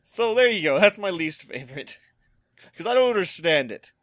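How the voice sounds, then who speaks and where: An American man co-hosting a podcast in casual chat, jokey and quick to laugh. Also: sits high, sing-song, no echo. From United States. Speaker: podcast co-host.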